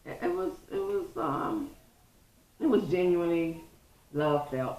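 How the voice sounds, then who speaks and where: A woman with a lowish voice that swoops up and down, talking very slowly as she shares relationship stories with playful, dramatic quips. The echo of a bare room surrounds her voice. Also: sing-song, darkish tone. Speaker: co-host of a couple's channel. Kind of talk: casual relationship chat. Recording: roomy echo.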